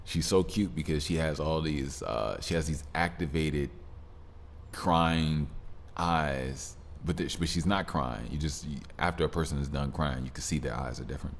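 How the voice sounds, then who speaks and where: A man's voice: extremely low pitch, normal speed, a little hiss or hum. A man hosting a solo podcast, talking in a rambling, laid-back way with lots of fillers and restarts. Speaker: podcast host. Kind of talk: casual solo podcast monologue.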